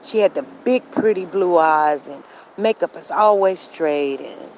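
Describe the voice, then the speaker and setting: A woman's voice: lowish voice, a little slow, darkish tone, a little hiss or hum. A middle-aged woman hosting a live stream, telling a neighborhood story in a chatty, gossipy way with asides to her viewers. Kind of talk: casual storytelling. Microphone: live-stream device.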